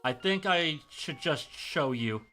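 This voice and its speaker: A man's voice: on the high side, lively intonation, slow, pushed and bright, faint music behind, heavily acted. A man voicing a nervous young boy who has been caught lying and pleads with his mother. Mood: hesitant.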